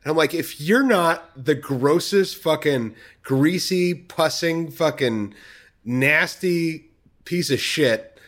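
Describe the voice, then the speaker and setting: A man with a somewhat high voice co-hosts a podcast, trading crude jokes and swearing freely. His delivery stays loose and playful, in casual chat. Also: slow, a bit bright. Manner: crude, joking, profane. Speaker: podcast co-host.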